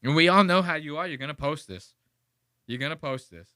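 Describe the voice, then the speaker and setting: A male podcast host ranting in a casual, profane, animated way, full of "like". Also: on the high side, fairly quick, clear, resonant tone, dry recording, clean studio sound. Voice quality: animated, profane, heavy use of "like".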